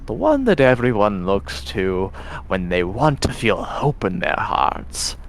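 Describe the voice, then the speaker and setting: A man voicing a disembodied, sinister voice in whispered role-play, slow, hushed and coaxing. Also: lowish voice, huge pitch swings, gravelly, slight background noise, full character voice. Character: disembodied tempting voice, sinister and patient.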